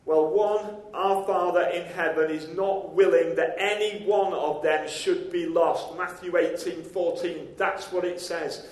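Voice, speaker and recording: A pastor with a high, light voice delivers a conversational sermon. He keeps turning to the congregation with direct questions. The sound is echoey, as if it were caught in a church hall. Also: steady tone, measured pace, few pauses, a little mellow.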